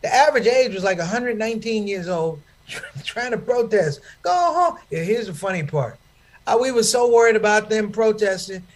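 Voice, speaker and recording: A man with a high voice telling stand-up stories. He is animated and speaks to the crowd like a preacher. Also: moderate pace. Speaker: stand-up comedian. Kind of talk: stand-up comedy storytelling.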